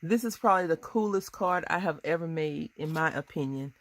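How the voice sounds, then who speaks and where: A woman in her thirties chatting casually through a crafting tutorial, bubbly and quick to laugh at herself. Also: low voice, no echo. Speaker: crafting vlogger.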